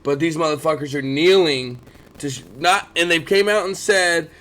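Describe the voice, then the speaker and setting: Profane, animated man co-hosting a chat show. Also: fairly high pitch, moderate pace. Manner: profane, animated, keeps complaining he yawns. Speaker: podcast co-host. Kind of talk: casual chat.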